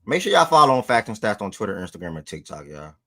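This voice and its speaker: A man's voice: lowish voice, sing-song, fast, sharp tone. A man hosting a sports livestream, talking to his chat in loose, slangy casual speech. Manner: loose slangy talk, breaks off to call his dog.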